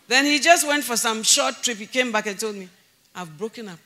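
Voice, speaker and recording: Speaking a touch fast, a woman gives a sermon as a pastor, lively and quick to laugh. She raises her voice to a shout for emphasis before dropping to quiet, heartfelt tones.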